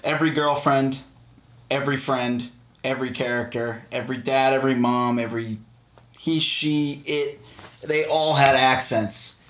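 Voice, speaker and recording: A man from Massachusetts, co-hosting a casual movie discussion and talking in an animated way. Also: mid-range voice, a little slow. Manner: animated, does mocking impressions. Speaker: podcast co-host. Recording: echoey room.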